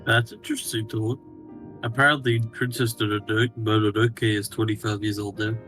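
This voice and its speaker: A man's voice: fairly low pitch, flat delivery, normal speed, a bit bright, faint music behind. A man chatting casually with friends on voice chat, matter-of-fact and teasing.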